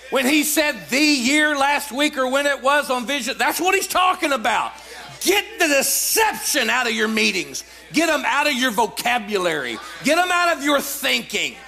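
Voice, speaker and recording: Male preacher, shouted exhortations, high bright voice, swinging pitch. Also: sing-song, normal speed, creaky, some chatter behind. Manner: emphatic, often shouting declarations; repetitive call-and-response exhortation. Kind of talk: sermon.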